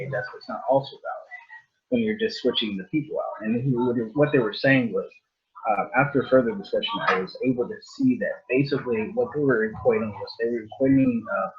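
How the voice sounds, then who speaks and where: A man taking part in a casual group discussion, thoughtful and searching for his words. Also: mid-range voice. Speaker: discussion participant. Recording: dull lo-fi recording.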